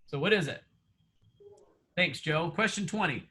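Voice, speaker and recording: High bright-voiced male coach, chatty, laughs a lot, quizzes the class. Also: unhurried. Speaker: real estate coach. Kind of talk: online coaching session.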